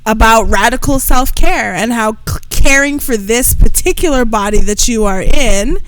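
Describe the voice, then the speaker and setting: A woman's voice: on the high side, normal speed, a bit bright, no echo, low-quality recording. A woman co-hosting a podcast in casual, playful chat, who jokes around with put-on accents. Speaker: podcast co-host.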